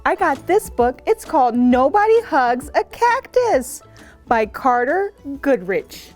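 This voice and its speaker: A woman's voice: high voice, takes it slowly, no echo, faint music behind. A woman librarian reading a picture book aloud to children, stopping to ask them questions. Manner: animated, asks kids questions. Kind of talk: children's story time reading.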